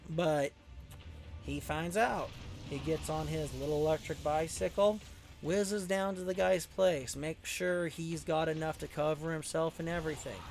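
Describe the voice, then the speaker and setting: Casual male host, higher voice, narrates a story with rhetorical questions over faint music. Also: unhurried, gravelly. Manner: rhetorical questions, animated retelling. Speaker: channel host.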